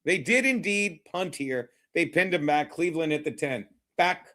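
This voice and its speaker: A man with a slightly high, expressive voice speaks at a moderate pace, sounding pushed and bright. He hosts a live football watchalong stream, reading chat and calling plays in a brash, mocking, rambling style loaded with swearing.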